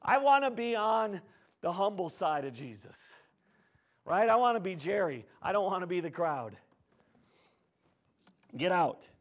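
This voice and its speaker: A male pastor preaching a sermon in church, telling the story in a lively, conversational way that swings between hushed and loud. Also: high voice, moderate pace.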